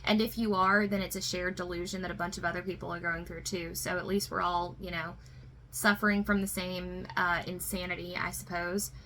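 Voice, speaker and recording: A woman's voice: fairly low pitch, little pitch movement, fairly quick, pushed and bright, slight background noise, low-quality recording. A woman giving a spiritual tarot reading to viewers, emotional and reassuring, often fighting back tears, with many fillers. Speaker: tarot reader.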